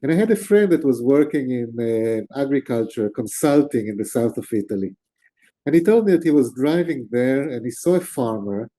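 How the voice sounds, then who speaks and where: A man with a very dark, mellow voice tells a long story to an interviewer. He is middle-aged and talks with his hands, animated and expressive. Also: medium pitch, a little fast. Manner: animated, gestures with hands while talking. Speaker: interview guest. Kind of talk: storytelling in conversation.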